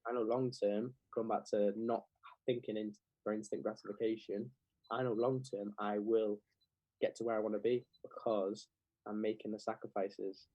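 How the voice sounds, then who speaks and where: A man's voice: on the low side, level tone, normal speed, no echo, muffled recording. A young man, chatting casually as a podcast guest and scattering "like" through his sentences. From England. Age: young adult. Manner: rambling, heavy with "like" fillers. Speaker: clothing brand founder, guest.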